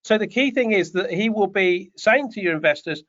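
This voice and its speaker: A man's voice: high-pitched, expressive, moderate pace, fairly bright tone. A man, coaching property developers in an online question session, chatty and rambling with joking asides. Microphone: video call. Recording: dull lo-fi online call audio.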